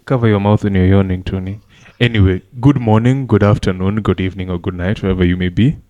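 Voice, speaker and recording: A man with a fairly low voice chats loosely with his co-hosts, playful and rambling, stacking repeated words as he builds momentum. The sound is dry and close, with no room around him. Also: fairly even intonation, fast, dark tone, no echo, muffled recording. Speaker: podcast co-host. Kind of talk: casual chat.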